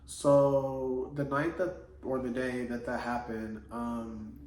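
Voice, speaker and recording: Speaking slowly in a medium-pitched, slightly mellow voice with little pitch movement, a man tells a personal story for his vlog. The monologue is casual and slangy, leaning heavily on "like," and he is recorded from a distance in an echoey room.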